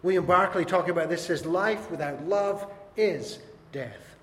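A man's voice: high-pitched, moderate pace. A man preaching a sermon as pastor, earnest and emphatic, asking the congregation questions. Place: church hall. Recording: echoey hall with long reverb.

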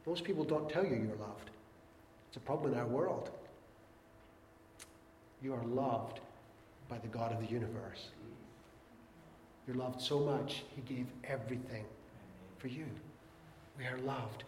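A man preaching a sermon, earnest and plain-spoken, dropping softly on key words and joking with the congregation. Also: medium pitch, unhurried, pauses often, a little hiss or hum. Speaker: pastor. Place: church hall. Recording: echoey church hall.

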